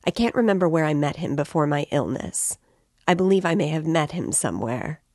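A woman's voice: deep voice, lively intonation, a little fast, a little mellow, dry recording, clean studio sound. A woman reading the lines of a brooding, feverish young man who speaks in abrupt, agitated bursts.

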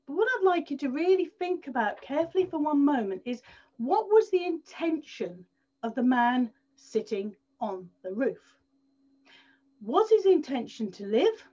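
A woman presents to an event audience, pitching her story high and lively and stressing points by repeating words. The recording sounds a little dull and lo-fi. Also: a little slow. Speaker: speaker at an event.

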